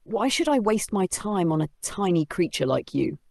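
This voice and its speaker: A narrator voicing a proud, grumpy male lion who talks in a gruff, dismissive way. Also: medium pitch, sing-song, normal speed, darkish tone, no room sound. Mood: scornful.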